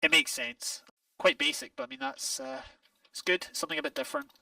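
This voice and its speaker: A man's voice: extremely high pitch, flat delivery, fairly quick, gravelly, sharp tone, no echo, far from the mic, poor audio. A Scottish man chatting casually while playing a game, rambling and correcting himself, laughing often. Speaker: game player. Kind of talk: casual gameplay chat.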